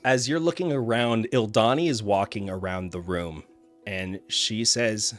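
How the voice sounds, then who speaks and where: A man's voice: lowish voice, a little slow, faint music behind. A man narrating a tabletop game as game master, rambling with frequent fillers and restarts.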